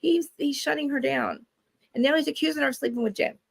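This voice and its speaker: Animated, gravelly woman chatting. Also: sits high, fast. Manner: animated, swearing, acting out quotes. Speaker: podcast co-host. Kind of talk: casual chat.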